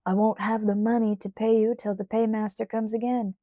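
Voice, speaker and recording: A woman doing a cool, quiet frontier father. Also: fairly high pitch, little pitch movement, fairly quick, no echo, clean studio sound, lightly acted. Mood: calm. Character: calm, firm frontier father facing down a mob.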